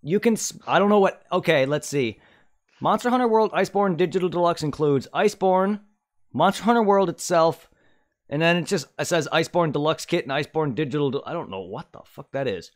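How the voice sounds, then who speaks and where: Streaming a game, a man keeps up a casual, rambling chat, humming and muttering to himself while reading aloud. His voice sits on the high side, and he speaks expressively and fairly quickly.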